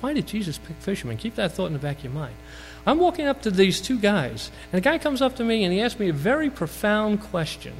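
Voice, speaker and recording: A Brooklyn-accented male preacher delivers a storytelling sermon in a high, very lively voice that swings up and down. His words carry a long reverb from the hall, with faint music and mains hum underneath. He often asks the congregation questions as he goes. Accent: Brooklyn New York. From Brooklyn, New York. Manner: storytelling, asks the audience questions, rises and falls in pitch for emphasis.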